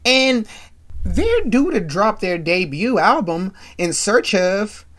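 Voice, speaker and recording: A woman's voice: mid-range voice, slow pace. A woman hosting a casual, rambling recap with lots of asides. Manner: rambling, animated, full of asides. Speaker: podcast host. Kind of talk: casual episode recap commentary.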